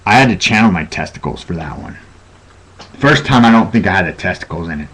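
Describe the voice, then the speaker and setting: A man's voice: low-pitched, lively intonation, brisk, fairly bright tone, slight background noise. A man hosting a casual live stream, joking and talking to himself.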